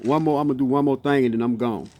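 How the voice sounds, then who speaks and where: A man's voice: medium pitch, very fast, a little mellow, slight background noise. A man speaking in a casual, impassioned off-the-cuff monologue, repeating himself and stumbling into restarts. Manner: passionate, repeats "you see what I'm saying", stumbles and restarts. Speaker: motivational speaker.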